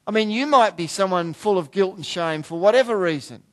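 A middle-aged man preaching a sermon in a conversational way, dropping to quiet asides and rising to emphatic points. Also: sits high, lively intonation, brisk. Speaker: pastor.

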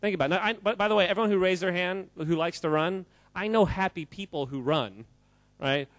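A man giving an animated, jokey talk to a live audience, quizzing the crowd and often laughing. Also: high-pitched, brisk, dry recording. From United States. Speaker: speaker addressing a live audience. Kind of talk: lively audience-interactive talk.

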